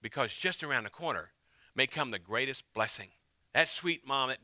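A male pastor preaching with a very bright, forceful edge to his voice. He leans hard on key phrases and repeats them for emphasis. The sound is close and dry, with no room echo. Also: mid-range voice, expressive, moderate pace. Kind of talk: sermon.

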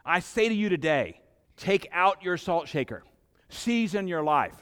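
Middle-aged male preacher, emphatic sermon with dramatic pauses, voice a touch high, long sanctuary reverb behind him. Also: big pitch swings, a bit bright, clean tone. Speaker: pastor.

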